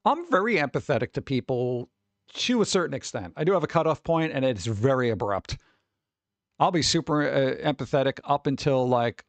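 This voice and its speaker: A man streamer rambling casually to his live chat, his middle-pitched voice carrying a gravelly, fry-edged texture. He swears freely and talks straight to his viewers. The sound is dry and close, with no room echo. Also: lively intonation, normal speed.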